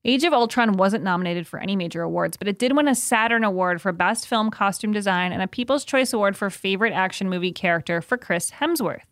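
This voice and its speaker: A woman's voice: medium pitch, fast talker, few pauses, a bit bright, no echo, clean studio sound. A woman co-hosting a podcast, reading plot summaries and chatting with amused asides. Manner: chatty, amused, lots of likes. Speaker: podcast co-host.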